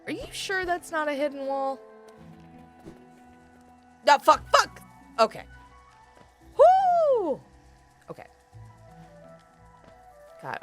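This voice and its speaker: A woman's voice: mid-range voice, fairly bright tone. A woman streaming a game, chatting casually with her viewers, laughing often and swearing freely. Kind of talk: casual gameplay chat with chat.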